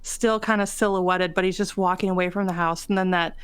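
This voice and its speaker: Woman on a livestream gushing through a story, smooth clear voice, dry close sound. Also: on the low side, fairly even intonation, no room sound. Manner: enthusiastic, drawn-out storytelling. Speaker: podcast co-host. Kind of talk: casual livestream chat.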